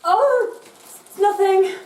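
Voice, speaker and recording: A flustered young adult caught out by her mother, played by a woman in a comedy sketch. She stammers out her excuses in a high voice. The mic sits far off, with faint noise behind. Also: a little slow, darkish tone.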